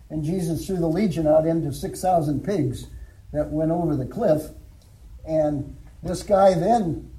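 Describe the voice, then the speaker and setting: A man's voice: on the high side, dark tone, poor audio. Folksy older man giving church testimony. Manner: folksy storytelling with chuckles. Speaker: former alcohol counselor giving testimony.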